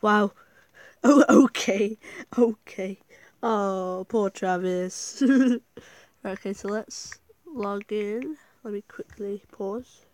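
A woman giving casual, chatty gameplay commentary as a gaming vlogger, thinking aloud and getting excitable. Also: mid-range voice, slow, no room sound.

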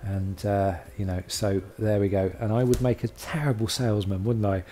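A man's voice: on the low side, steady tone, moderate pace, mellow, soft background music. Chatty self-deprecating man vlogging. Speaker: channel host. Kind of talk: casual video log.

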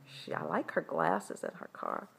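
An older woman reading a children's story aloud as a grandmother, with gentle, chatty asides. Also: low-pitched, huge pitch swings, measured pace, gravelly, noisy background.

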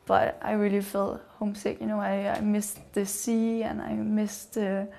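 A young actress giving casual interview answers, hesitant and searching for words. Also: female voice, mid-range voice, flat delivery, a little slow, creaky, darkish tone.

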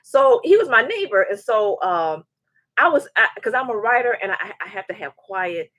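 A woman in her forties hosting a live show, chatting and telling a story in a lively way, often restarting her sentences. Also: mid-range voice, normal speed, no echo. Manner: animated, repeats words as she restarts, acts out quoted voices. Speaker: show host. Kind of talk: casual livestream chat and storytelling.

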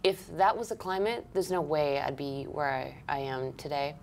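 An actress from Canada chatting casually in an interview, full of "like" fillers and self-deprecating asides. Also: female voice, low voice, steady tone, moderate pace, gravelly, a little hiss or hum.

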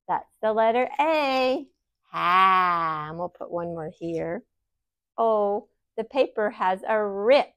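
A woman teaching young children their vowel sounds, stretching each letter out very slowly. Her voice swoops up high in cheerful, sing-song praise. The sound is dry and close, with no room echo. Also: expressive, fairly bright tone, smooth. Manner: slow, exaggerated sounding-out of letters. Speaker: phonics teacher. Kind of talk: children's phonics lesson.

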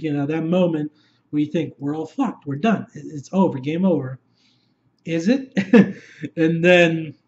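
A man giving an excitable, rambling, unscripted review full of swearing, recorded on a dull lo-fi setup. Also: high-pitched. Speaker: movie reviewer.

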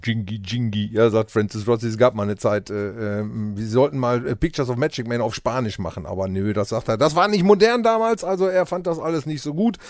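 A man's voice: mid-range voice, fast, hardly any pauses, darkish tone, dry recording. A male radio host loosely summarizing and recapping an interview, with many fillers, speaking into a close studio mic.

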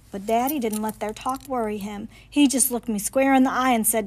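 A woman reading a picture book aloud at library storytime, with expressive, playful storytelling. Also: on the high side, normal speed, hardly any pauses.

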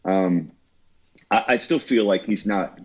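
A man, a guest musician, talking earnestly and haltingly about a lost friend in an interview. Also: fairly low pitch, poor audio. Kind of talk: heartfelt interview talk.

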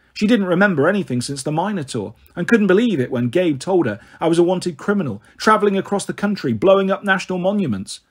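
Husky-voiced man narrating a story. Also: high voice. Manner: first-person storytelling, steady reading. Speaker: audiobook narrator. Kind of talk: scripted narration.

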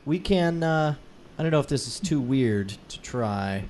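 A man's voice: medium pitch, expressive, measured pace, darkish tone, slight background noise. A man hosting a live web show in casual chat, rambling, joking and laughing often. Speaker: host.

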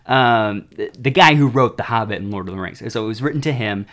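A man's voice: medium pitch, fairly quick, fairly bright tone. A young man hosting his own show, casually talking about a book, rambling and tripping over his words. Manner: rambling, self-deprecating, trips over words. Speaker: show host.

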